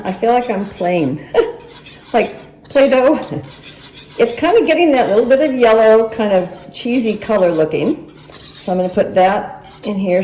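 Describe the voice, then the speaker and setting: A woman's voice: medium pitch, dark tone, slight background noise. Woman, home cooking vlogger, chatty and easygoing, phone-filmed in a roomy kitchen with faint utensil clatter. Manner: chatty, talks to viewers while stirring. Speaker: cooking channel host. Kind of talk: casual cooking vlog. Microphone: handheld phone camera. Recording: echoey kitchen, clattering dishes. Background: utensil and dish clatter.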